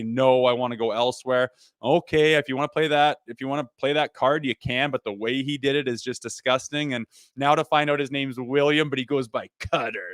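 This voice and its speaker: A man's voice: mid-range voice, a bit bright, smooth, no room sound, studio quality. A man co-hosting a casual sports talk show, blunt and opinionated, swearing freely as he rants. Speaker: podcast co-host.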